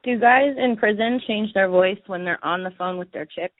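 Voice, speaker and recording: A woman's voice: medium pitch, moderate pace, dry recording, narrow, tinny audio. Woman reading questions over a thin line.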